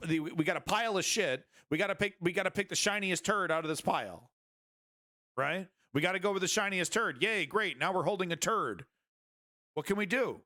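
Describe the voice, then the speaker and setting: A man's voice: high voice, pushed and bright, dry recording, clean studio sound. Rambling, crude-joking male stream host. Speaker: streaming news show host. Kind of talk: casual live-stream commentary.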